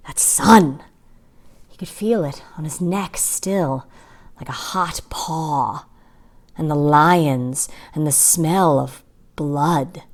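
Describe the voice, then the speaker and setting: A woman reading a short story aloud, with expressive delivery and small asides to listeners. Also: low voice, slow pace. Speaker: reader.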